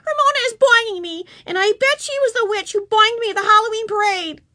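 A woman's voice: a little fast, sharp tone. A woman voicing a whiny, tattling little kindergarten girl who shrieks her complaints. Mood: whiny shrieking. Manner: shrill and shrieking.

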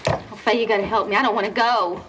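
An actress playing a feisty young Southern woman who speaks with a folksy drawl and quick comebacks, in a sitcom scene. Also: mid-range voice, steady tone, heavy background noise, lightly acted. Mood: fretful. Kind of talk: sitcom acting. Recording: sitcom audio with audience laughter. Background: studio audience laughter.

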